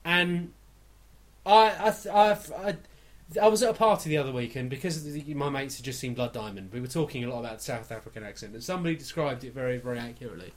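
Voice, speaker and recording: A young man hosting a podcast, chatting casually and telling stories with lots of quick repeated "no, no". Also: mid-range voice. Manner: animated, storytelling with lots of repeated "no, no". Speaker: podcast host. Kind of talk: casual chat.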